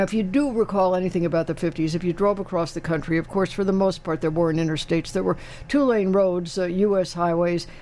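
A man's voice: high-pitched, darkish tone, a little hiss or hum. An older man hosting a radio call-in show, chatting casually in a wry, rambling way with many fillers. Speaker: radio talk show host. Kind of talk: casual chat.

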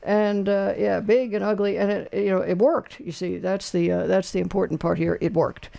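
Man, radio call-in host, gravelly rasp, loose folksy rambling delivery. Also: high-pitched, little pitch movement, moderate pace, warm tone. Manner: rambling, folksy, lots of fillers and restarts. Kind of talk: casual call-in chat, radio trivia quiz.

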